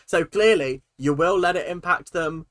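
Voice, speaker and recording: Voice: mid-range voice, normal speed, no echo. A host ranting indignantly while reacting to a TV show, in heated, fired-up commentary.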